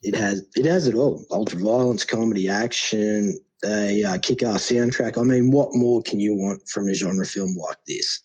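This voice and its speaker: A man's voice: on the low side, normal speed, hardly any pauses, a little mellow, breathy edge, poor audio. A man with an Australian accent, calling in to a podcast and giving a casual, swear-laden review. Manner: laid-back, swears freely, chummy slang. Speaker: caller. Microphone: phone call.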